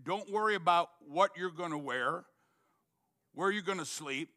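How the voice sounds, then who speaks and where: A man's voice: on the high side, sharp tone. A male pastor preaching, retelling a story earnestly with frequent restarts. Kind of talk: sermon storytelling.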